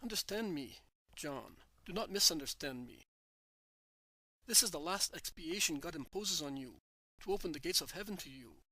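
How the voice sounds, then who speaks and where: A man reading aloud, voicing a grieved gentle teacher consoling his weeping friend tenderly. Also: fairly high pitch, lively intonation, normal speed, no room sound, full character voice, poor audio. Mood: tender grief.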